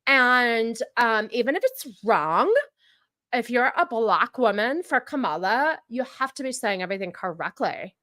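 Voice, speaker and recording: A woman streamer reacting to clips in casual commentary, sarcastic and ranting, mocking and quick to laugh. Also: a little high, lively intonation, bright, forceful tone, no echo, clean studio sound.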